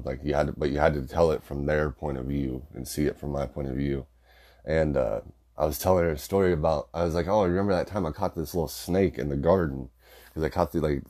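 A young man with a mellow bass voice casually tells family stories. He rambles, swears and laughs his way through them.

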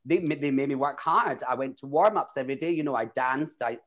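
A Scottish man talking through his stories in a loose, chatty way, often restarting his sentences. His pitch sits in the middle for a man, neither deep nor high. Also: fairly quick. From Scotland. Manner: chatty, rambling, with frequent restarts. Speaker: guest, drag queen and actor. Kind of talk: casual chat.

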